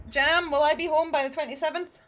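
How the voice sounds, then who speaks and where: A woman's voice: high-pitched, fairly bright tone. Chatty woman streamer, swearing freely. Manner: chatty, swears freely, talks to her viewers. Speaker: streamer painting miniatures. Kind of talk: casual livestream chat.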